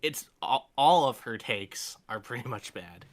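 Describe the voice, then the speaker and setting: A man's voice: medium pitch, animated, measured pace. A man co-hosting a casual commentary podcast, talking bluntly and crudely with lots of fillers and restarts. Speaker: podcast co-host.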